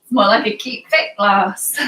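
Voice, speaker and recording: A yoga teacher from the United Kingdom talks her class through each stretch and breath, her slightly high voice moving slowly and warmly encouraging. She laughs easily and drops to soft cues for the breathing. The sound is roomy and caught from some distance, with faint ambience underneath. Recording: roomy sound from away from the mic.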